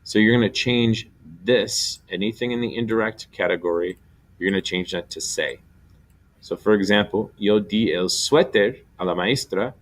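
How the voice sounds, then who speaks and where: Guy teaching spanish grammar, really deep voice, walks through it step by step. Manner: explains step by step, spells out syllables slowly. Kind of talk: recorded grammar lesson.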